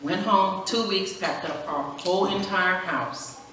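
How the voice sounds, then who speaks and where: A middle-aged woman from California, a guest speaker at a women's church breakfast, giving an animated personal testimony. She acts out dialogue and laughs often as she tells her story, heard from a distance in a church hall. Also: mid-range voice, unhurried. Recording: echoey church hall from far off, faint background hiss.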